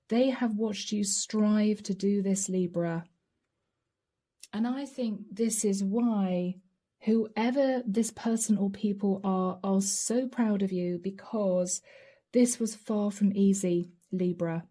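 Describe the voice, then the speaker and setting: A woman giving a channeled tarot reading to camera, gentle and encouraging, speaking straight to her viewers and breaking into soft laughs. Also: mid-range voice, slow. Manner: often breaks into light laughs and soft asides. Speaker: tarot reader.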